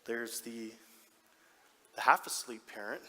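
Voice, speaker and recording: A man's voice: mid-range voice, slow. A man playing a proud, doting hockey dad on stage. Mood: storytelling. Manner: animated, heartfelt storytelling with sudden soft drops. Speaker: actor in a stage monologue. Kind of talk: theatrical stage monologue. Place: large theatre stage. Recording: long theatre hall reverb.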